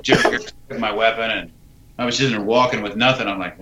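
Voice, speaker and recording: A man's voice: fairly low pitch, steady tone, moderate pace, pushed and bright. A man, an army veteran guest, telling a story in casual talk, acting out dialogue and swearing casually. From United States. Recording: roomy, dull lo-fi sound.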